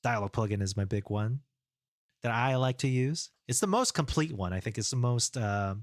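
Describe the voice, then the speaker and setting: A man streaming live as a game developer, thinking aloud in a relaxed, rambling way as he works and chats. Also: mid-range voice, moderate pace, dry recording, studio quality. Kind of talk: casual live-coding stream.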